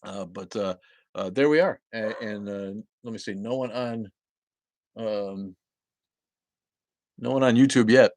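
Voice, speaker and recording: A man hosting a casual livestream from home, greeting viewers loudly, coughing often and swearing casually. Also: lowish voice, measured pace, long pauses, a little hiss or hum. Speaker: livestream host. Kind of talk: casual livestream chat reading viewer comments. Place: at home with a dog nearby.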